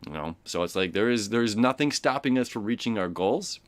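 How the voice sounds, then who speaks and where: A man's voice: lowish voice, lively intonation, a little fast, no echo. A man hosting a daily horoscope, talking casually and rambling with many fillers and asides, sometimes acting out quoted voices. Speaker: astrology host.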